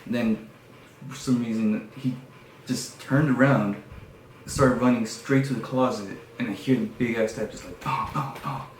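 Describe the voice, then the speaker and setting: A man on his podcast, casually telling a story in an animated way, with lots of fillers and hushed passages. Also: medium pitch, moderate pace. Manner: animated retelling with many fillers, dropping to hushed tones. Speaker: podcast host. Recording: echoey room with faint background noise.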